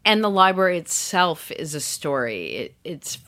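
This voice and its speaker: A woman's voice: fairly low pitch, sing-song, normal speed, pushed and bright. A woman author as an interview guest, speaking thoughtfully and trailing into asides. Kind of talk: conversational interview.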